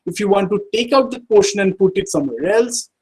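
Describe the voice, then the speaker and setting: A man giving an online software tutorial, speaking haltingly with frequent fillers. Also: high-pitched, expressive, husky, rough recording. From India. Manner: halting, many fillers like "uh" and "you know". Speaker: workshop instructor.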